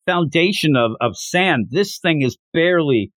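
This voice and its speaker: Guy recapping a manga on a podcast, kinda high voice, super lively, dry sound. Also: measured pace, no room sound. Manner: animated, enthusiastic retelling. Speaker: podcast host.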